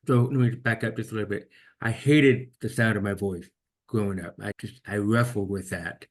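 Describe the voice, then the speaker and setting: A man's voice: fairly low pitch, fairly even intonation, normal speed. A man with a deaf accent, telling his own story as an interview guest in an earnest, reflective way. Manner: earnest, reflective, repeats words when restarting.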